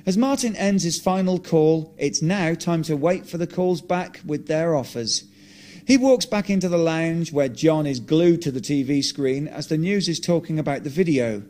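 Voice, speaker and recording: A man reading his own script aloud in a plain, steady way. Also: on the high side, normal speed. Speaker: narrator.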